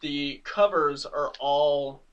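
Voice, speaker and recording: Man, podcast co-host, casual comic recap, slightly high voice, lively, a little off-mic. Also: takes it slowly, distant mic, lo-fi sound. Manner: animated, laughs often, acts out characters' lines.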